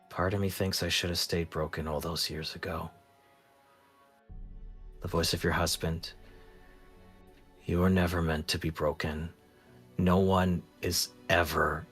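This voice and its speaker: A man narrating as game master of a tabletop role-playing game, speaking in a hushed, measured way. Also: husky. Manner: slow, low and hushed when narrating, livelier in banter.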